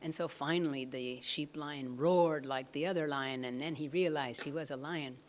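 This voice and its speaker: A woman giving a devotional satsang talk, speaking softly and slowly, often close to a whisper. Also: sits low. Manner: soft, slow, often half-whispered.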